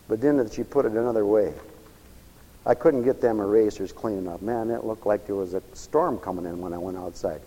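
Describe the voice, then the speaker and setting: A man preaching a sermon, telling stories and acting out the lines of the people in them, dropping to a hush and then building to fervent cries. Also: lowish voice, fairly quick. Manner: storytelling with acted-out quoted dialogue, swinging from hushed to fervent cries. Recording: long echoey hall reverb.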